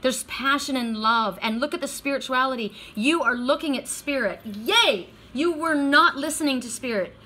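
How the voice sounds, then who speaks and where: A middle-aged woman giving a casual, emotional oracle card reading, excitable and tearful, swearing freely. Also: high-pitched, normal speed, hardly any pauses. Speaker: tarot and oracle card reader.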